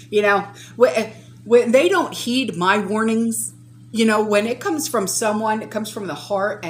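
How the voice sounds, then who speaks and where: A woman's voice: medium pitch, a little hiss or hum. A woman vlogging about prepping, talking to viewers in an emphatic, exasperated, lecturing way. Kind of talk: casual to-camera vlog talk.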